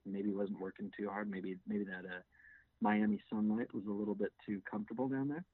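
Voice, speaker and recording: A man's voice: on the low side, steady tone, brisk, husky, no room sound. A man co-hosting a casual sports podcast, hesitant with many fillers and restarts. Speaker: podcast co-host. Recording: tinny phone-like sound.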